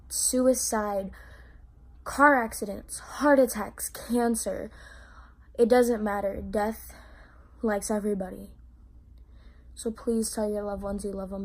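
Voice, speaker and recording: A teenage girl telling an emotional personal story to camera, halting and on the verge of tears, with many fillers and restarts. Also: mid-range voice. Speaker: vlogger.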